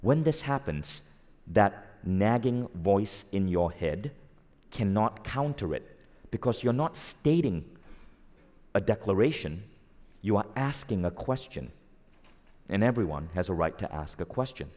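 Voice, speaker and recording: Lower-voiced man lecturing in a big hall. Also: a little slow, long pauses. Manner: energetic, asks the audience questions, acts out quoted voices. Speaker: speaker giving a motivational talk to an audience. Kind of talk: live motivational talk. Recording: long hall reverb.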